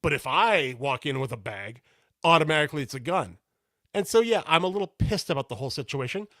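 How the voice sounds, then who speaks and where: A middle-aged man co-hosting a podcast, telling an animated story and ranting with exasperation. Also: on the high side, fairly quick, dry recording, clean studio sound. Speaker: podcast co-host. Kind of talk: casual podcast chat.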